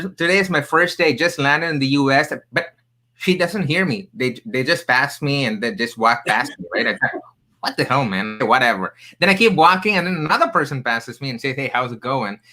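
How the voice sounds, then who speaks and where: A bright-voiced, somewhat high male podcast guest, a career coach with a non-native English accent, tells stories at normal speed in a casual interview. He is animated and emphatic, adding jokey asides, and the recording quality is low.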